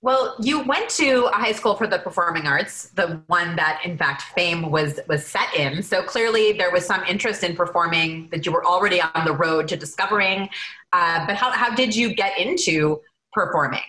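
A woman co-hosting a podcast in a bright, lower-pitched voice. She gushes with a fan's enthusiasm about her guest. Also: moderate pace, low-quality recording. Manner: enthusiastic fan, gushing. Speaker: podcast co-host. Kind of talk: podcast conversation.

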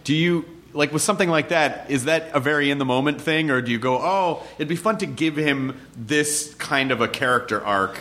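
A man's voice: fairly high pitch, brisk, hardly any pauses, pushed and bright. A man hosting a casual interview, rambling and restarting his sentences, with casual swearing. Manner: rambling, restarts often, profane. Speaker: podcast host.

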